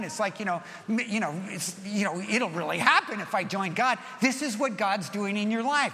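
A middle-aged man preaching a sermon as pastor, telling stories in an animated way that swings from soft to loud. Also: sits high, brisk, few pauses, big-room sound.

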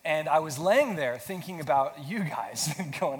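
A man's voice: fairly high pitch, lively intonation, normal speed, hardly any pauses. A pastor preaching a sermon, feeling sick, talking casually and asking his congregation questions. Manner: conversational, self-deprecating humor, asks the audience questions. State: sick with flu. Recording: long hall reverb, faint noise.

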